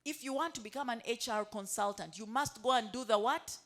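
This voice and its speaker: A woman's voice: a little high, a little fast. A woman giving a motivational talk to hotel staff. She keeps asking the room questions and has them finish her sentences. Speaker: motivational speaker.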